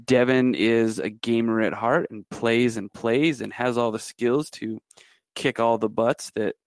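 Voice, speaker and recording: A man with a gravelly, creaky voice co-hosts a relaxed podcast chat, rambling through explanations with a joking edge. The sound is dry and close, with no room around it. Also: medium pitch, unhurried, dry recording. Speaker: podcast co-host.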